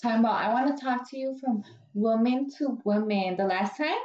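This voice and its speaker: A woman's voice: a little high, fairly quick. Blunt, profane young woman venting. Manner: blunt, profane, full of "like" and "dude"; animated retelling of workplace drama. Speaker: storyteller in casual chat. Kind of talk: casual chat. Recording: roomy, dull, lo-fi with faint hiss.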